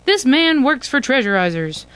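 A woman's voice: high-pitched, moderate pace, smooth, no room sound, voice pushed up. A woman reading aloud voices a cheerful middle-aged uncle who sounds eager and upbeat in a storybook adventure. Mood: excited. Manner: eager, upbeat, raises voice with excitement.

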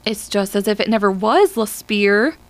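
A woman's voice: mid-range voice, expressive, moderate pace, natural voice, rough recording. A woman voicing Hollis, a bitter, envious male spaceman who is dying, with pleading speech that rises to cries.

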